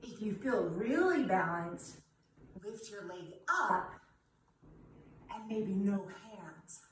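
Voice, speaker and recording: A woman's voice: medium pitch, lively intonation, slow pace, a little hiss or hum. A young woman guiding children through a yoga class, cheerful and encouraging, with a sing-song coaching manner. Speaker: kids' yoga teacher. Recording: echoey room, voice from a distance.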